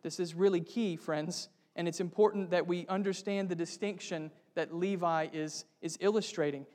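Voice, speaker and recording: A man preaching from the pulpit with a high, ringing voice. He speaks earnestly and keeps turning to his listeners with questions. Long reverb trails his words through the hall. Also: fairly even intonation, normal speed, darkish tone. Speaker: pastor. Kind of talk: sermon.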